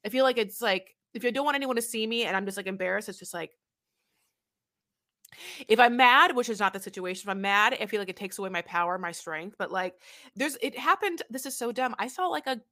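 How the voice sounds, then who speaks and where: A woman's voice: medium pitch, expressive, a little fast, sharp tone. A woman co-hosting a podcast, chatting casually and retelling scenes dramatically with quoted voices. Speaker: podcast co-host. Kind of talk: casual recap chat.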